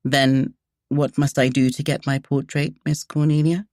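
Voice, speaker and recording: A woman's voice: a bass voice, level tone, a little slow, darkish tone, dry recording, clean studio sound, pitched below the performer's own voice. A woman narrator voicing a reserved, earnest man, a duke who breeds horses. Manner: earnest, restrained.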